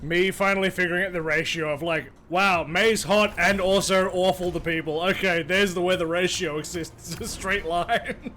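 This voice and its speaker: A man's voice: high voice, normal speed, slight background noise. A young man chatting casually with his live-stream viewers while gaming, joking and swearing freely. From Australia. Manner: animated, joking, swears freely, talks to chat.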